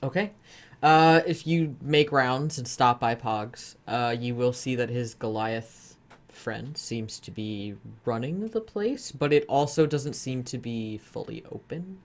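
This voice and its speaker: A woman narrating as dungeon master of a tabletop game, relaxed, with frequent ums. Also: a bass voice, a little slow.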